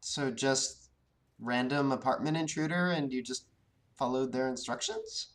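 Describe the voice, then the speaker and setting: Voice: medium pitch, a little slow. A tabletop player speaking in character in a dry, teasing way. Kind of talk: tabletop role-play in character.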